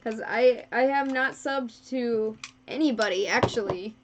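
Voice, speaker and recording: A woman with a high voice chats with her stream viewers while she sews, unhurried and slow to get her words out. She giggles often and pokes fun at herself. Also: muffled recording, noisy background. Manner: giggly and self-deprecating, laughs often. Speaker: fursuit maker streaming live. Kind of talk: casual live-stream chat with viewers. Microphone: wrong microphone.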